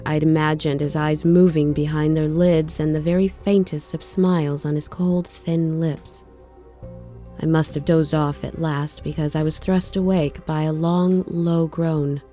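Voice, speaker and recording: A woman narrating a story expressively and measured, then reflecting on it. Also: low voice, warm tone. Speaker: audiobook narrator.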